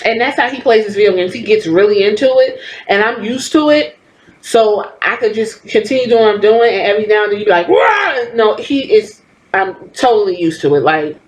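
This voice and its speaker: A woman's voice: mid-range voice, fairly quick, darkish tone, echoey room, slight background noise, rough recording. A woman in her late thirties, hosting a podcast and giving blunt, profane, opinionated wrestling commentary from home. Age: 30s. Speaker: podcast host.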